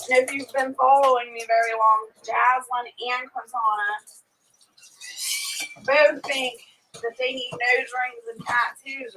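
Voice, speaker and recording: A woman chatting casually with viewers on a live stream, outspoken and quick to vent. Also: fairly high pitch, bright, forceful tone, slight background noise. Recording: voice a bit distant from the mic.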